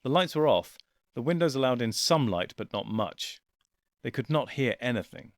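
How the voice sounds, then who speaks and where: A man's voice: mid-range voice, expressive, normal speed, dry recording, studio quality. Man reading a sci-fi story aloud. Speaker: audiobook reader. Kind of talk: scripted narration.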